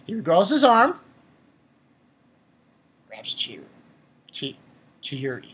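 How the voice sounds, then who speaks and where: A man giving an animated, profane episode review, mocking the show and swinging between near-shouts and low muttering. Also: unhurried, long pauses, slight background noise. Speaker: anime reviewer.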